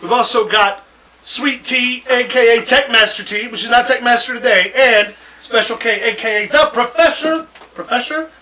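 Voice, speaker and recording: A man's voice: very high-pitched, moderate pace, pushed and bright. A man hosting a podcast in casual chat, upbeat and playful as he introduces his co-hosts, with a slightly distant mic. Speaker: podcast host.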